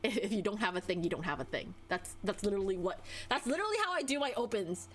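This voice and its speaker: A woman's voice: very animated, fast, fairly bright tone, slight background noise. A young adult woman streamer ranting casually, exasperated, her voice swinging up and down as she vents. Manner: exasperated, venting, with wide pitch swings.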